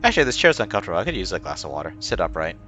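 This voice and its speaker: A man's voice: low voice, very animated, very fast, pushed and bright, faint music behind. A young man casually commentating a game he plays, joking and wry. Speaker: let's play gamer.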